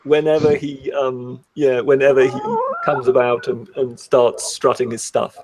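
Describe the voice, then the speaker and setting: A man's voice: mid-range voice, little pitch movement, measured pace, background noise. A man with a British accent chatting wryly, with many hesitations. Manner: hesitant, wry. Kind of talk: casual chat.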